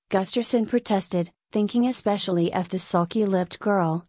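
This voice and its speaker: A woman narrating a science-fiction story as an audiobook reader, in a steady, even storytelling manner. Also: medium pitch, normal speed, hardly any pauses, no room sound. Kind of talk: scripted narration.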